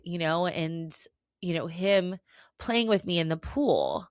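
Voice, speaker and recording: A woman's voice: lowish voice, expressive, slow, no echo, studio quality. A woman hosting a solo podcast, giving an earnest, emotional pep talk with some swearing. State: tearful at times. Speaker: podcast host.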